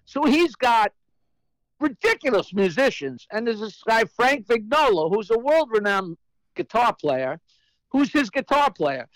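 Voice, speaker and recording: High-voiced brash comedian man. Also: big pitch swings, measured pace, dry recording, low-quality recording. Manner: brash, profane joke-teller; acts out quoted voices. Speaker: guest comedian. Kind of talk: storytelling anecdote.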